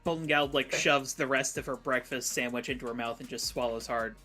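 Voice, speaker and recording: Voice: mid-range voice, steady tone, fairly quick, sharp tone, soft background music. A game master narrating a tabletop game and teasing the players, laughing often.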